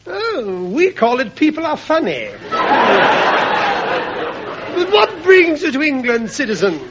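An actor playing a foppish, cheeky English aristocrat husband who talks in a silly, mocking way with sudden shouts. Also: male voice, extremely high pitch, big pitch swings, slow, a loud crowd, full character voice. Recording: muffled old broadcast, hiss, audience laughter.

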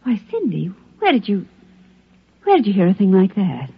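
An actress playing a soft, hesitant mother in a radio-style drama, soothing her child. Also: mid-range voice, wildly swooping pitch, normal speed, husky, heavily acted. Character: gentle, flustered young mother. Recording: dull lo-fi vintage recording.

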